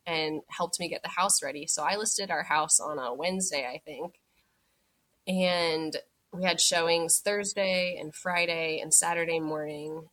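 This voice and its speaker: Chatty and full of "like," a young woman tells her birth story casually as a podcast guest, acting out her own words from back then. Her voice is low with a fairly bright tone.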